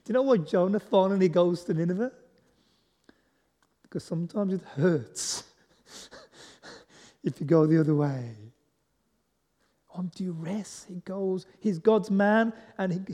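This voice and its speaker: A man's voice: high-pitched, mellow. A man preaching as a guest speaker in a chatty way, asking the congregation questions and joking at his own expense. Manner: conversational, asks the congregation questions, self-deprecating humour. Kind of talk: sermon. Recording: long echo of a large hall.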